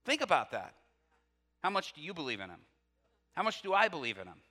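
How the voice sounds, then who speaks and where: A man preaching a sermon, reading scripture aloud with lively asides, laughing often and questioning his listeners. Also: a little high, a little fast. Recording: long reverb from a hall.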